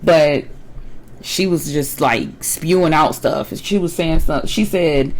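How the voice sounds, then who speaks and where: A woman's voice: deep voice, takes it slowly, poor audio. A young woman casually recapping a reality show episode, chatty and opinionated, with colloquial slang.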